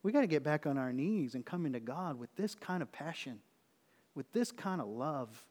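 A man preaching a sermon to his church in an earnest, conversational way, sometimes dropping to a hush. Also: fairly high pitch, expressive, normal speed, in a large hall. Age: adult. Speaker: pastor.

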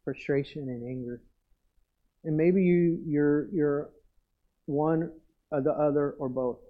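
A man's voice: fairly high pitch, steady tone, takes it slowly, narrow, tinny audio. A middle-aged male pastor preaching a sermon in an earnest way, repeating phrases for emphasis.

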